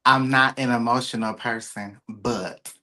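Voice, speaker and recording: A woman's voice: very deep voice, steady tone, unhurried, bright, forceful tone. A woman in her thirties from Tennessee, a pageant guest on a video call, bubbly and emotional, laughing often. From Tennessee, USA. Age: 30s. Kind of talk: interview conversation.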